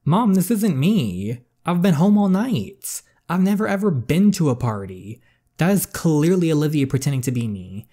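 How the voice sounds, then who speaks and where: A man's voice: normal speed, lightly acted. A man voicing a fed-up, defiant teenage girl in a story game, speaking sharply in a raised voice. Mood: angry. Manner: raised pitch, sharp and exasperated. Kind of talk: reading a story game aloud.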